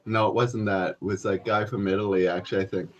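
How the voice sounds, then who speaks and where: A man's voice: lowish voice, steady tone, fast talker, dull audio. A young man playing a comedy character, delivering a crude, rambling rant to the camera with profane, mumbled asides.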